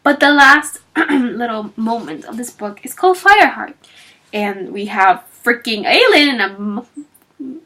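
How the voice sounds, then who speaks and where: Woman rambling happily about a book she read, higher voice that jumps all over, chatty, lots of ums. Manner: animated storytelling, acting out characters' lines; chatty with frequent fillers and laughs. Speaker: book reviewer. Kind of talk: casual book talk.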